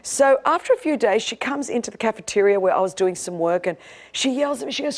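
A high-voiced Australian woman in her fifties preaches with fervent emphasis. She builds to rousing, repeated declarations, then drops into quieter, intimate storytelling. Her delivery is a pastor's: urgent, heartfelt and driven. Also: lively intonation, fast. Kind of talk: sermon.

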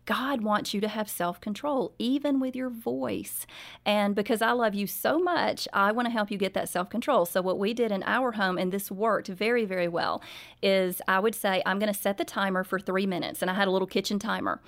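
A middle-aged woman talks with gentle, earnest sincerity, telling stories from home at an even, mid-range pitch. Her tone stays warm in intent and affirming as she answers. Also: normal speed, creaky. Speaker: author and guest. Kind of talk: radio interview, storytelling.

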